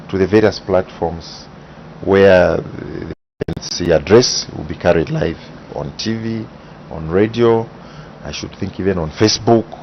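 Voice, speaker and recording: A man speaks in a very deep, gravelly voice, laying out his points in a measured, methodical way. The recording sounds dull, with a faint hiss behind him. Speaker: guest explaining parliament procedure. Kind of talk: broadcast interview answers.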